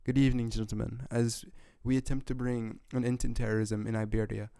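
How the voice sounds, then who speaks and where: A man's voice: mid-range voice, flat delivery, brisk, gravelly, mellow, dry recording, close to an everyday voice. A man reading as an earnest male minister. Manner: reads a formal speech aloud, stumbling over words. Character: middle-aged male government minister, earnest.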